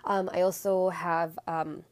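A woman hosting her own podcast in a casual solo chat, with a raspy, stuffy-nosed voice, rambling with lots of ums and restarts. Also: on the low side, little pitch movement, unhurried. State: out of breath at times. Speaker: podcast host.

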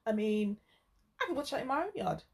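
A woman's voice: on the high side, sing-song, a little fast, gravelly, background noise. A woman tells a frank, exasperated story in casual chat with a friend.

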